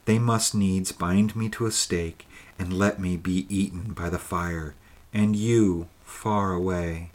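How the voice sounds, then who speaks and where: Gentle pleading ghost girl, burned as a witch long ago, low slow voice, a guy reading her. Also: steady tone. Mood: sorrowful. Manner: soft, intimate and pleading. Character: tender ghostly young woman, once burned as a witch.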